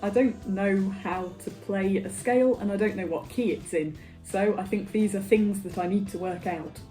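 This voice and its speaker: Woman vlogger, wry and self-mocking, warm mellow voice, faint music behind. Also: mid-range voice, moderate pace. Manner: self-deprecating, dry humour. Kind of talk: casual instructional vlog.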